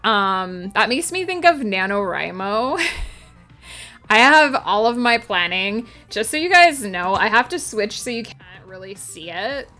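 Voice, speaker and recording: A woman's voice: medium pitch, sing-song, a little slow, bright, forceful tone, faint music behind. A woman streaming her writing work, chatting casually with viewers and answering their messages. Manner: chatty, reads chat aloud and answers viewers. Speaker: writer streaming her planning. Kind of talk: casual livestream chat with viewers.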